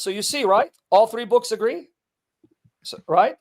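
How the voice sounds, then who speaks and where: A man's voice: sits high, expressive, normal speed. A man debating a Muslim, insistently challenging him and reading scripture verses aloud with emphasis. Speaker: Christian apologist debating a Muslim.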